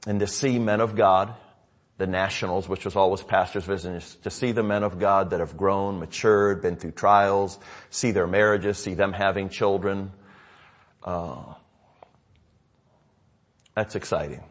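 Husky-voiced American pastor. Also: male voice, low-pitched, fairly even intonation, unhurried, pauses often. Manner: conversational, storytelling with asides. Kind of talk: sermon update to a congregation.

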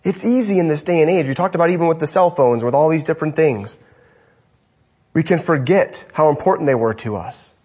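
A male pastor preaching a sermon, emphatic, often dropping to a hush to stress a point. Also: fairly high pitch, expressive, fairly quick, slightly rough.

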